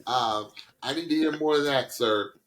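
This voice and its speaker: A man co-hosting a podcast in casual chat, animated and talking like a voice teacher, often jumping up high in pitch when excited. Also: normal speed. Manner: takes on a voice teacher's advising tone. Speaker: podcast co-host.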